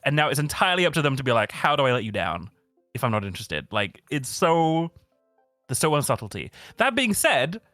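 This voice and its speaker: A man's voice: medium pitch, big pitch swings, a little fast, bright, forceful tone, dry recording, faint music behind. Laid-back young man on a dry mic. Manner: rambling, laid-back, swears and laughs often. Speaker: streamer. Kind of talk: casual chat.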